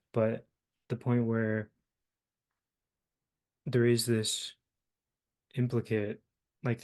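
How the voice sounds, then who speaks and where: A young man hosting a casual philosophical conversation, talking haltingly with many fillers as he searches for words. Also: mid-range voice, a little mellow. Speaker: host.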